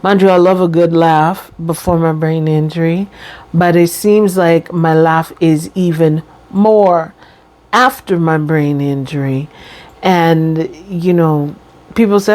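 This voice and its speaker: A woman's voice: lowish voice, a little mellow. A middle-aged woman vlogging casually about life after a brain injury, breaking into laughter often. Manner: laughs often while talking, drawn-out pauses. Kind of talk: casual talk to camera.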